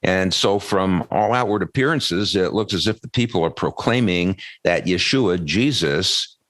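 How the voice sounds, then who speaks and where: An American man co-hosting a podcast, talking through scripture in a measured, explanatory way. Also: low voice, a bit bright, no echo. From United States. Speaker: podcast co-host. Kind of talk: casual Bible discussion.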